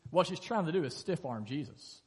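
Pastor preaching, lively storyteller, husky voice, long church reverb. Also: male voice, fairly high pitch, fairly quick. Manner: animated storytelling, acting out scripture dialogue. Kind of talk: sermon. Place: church sanctuary.

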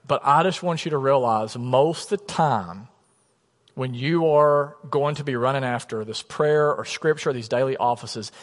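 A man in his thirties, a pastor, preaching a sermon in a chatty storytelling way, often dropping to a soft low voice for emphasis. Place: church sanctuary. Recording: long reverb of a church hall.

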